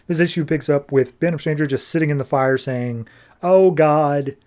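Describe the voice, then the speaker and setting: A man casually summing up a comic book issue for a podcast, tossing off quick loose voices for the characters as he goes. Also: a little high, a little mellow.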